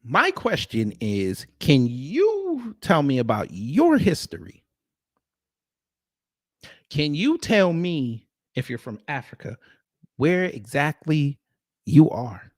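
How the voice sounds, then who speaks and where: A man's voice: a little high, huge pitch swings, slow, long pauses, no room sound, studio quality. A man hosting a livestream, ranting at and mocking the clips he reacts to. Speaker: livestream host.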